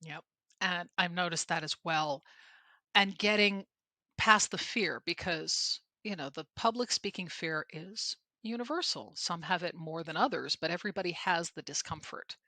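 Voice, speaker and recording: A middle-aged woman co-hosts a chat about public speaking. Her voice sits slightly low but rings bright and forward, and she talks candidly, with emphatic stresses and self-deprecating asides. The recording is close and dry. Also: normal speed, no echo. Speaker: podcast co-host and presentation trainer. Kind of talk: conversational podcast chat.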